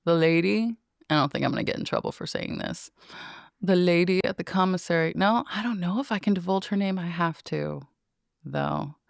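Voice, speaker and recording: A woman's voice: fairly low pitch, expressive, normal speed, creaky, no echo, studio quality. A middle-aged woman hosting her own podcast, talking casually to listeners in a rambling, playful and self-mocking way. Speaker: podcast host. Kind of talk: casual solo podcast monologue.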